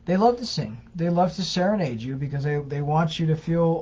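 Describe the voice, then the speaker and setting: A woman co-hosting a casual live Q&A, chatty and halting, with many restarts and ums. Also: sits low, expressive, mellow, husky, muffled recording. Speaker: co-host of a scam-awareness page.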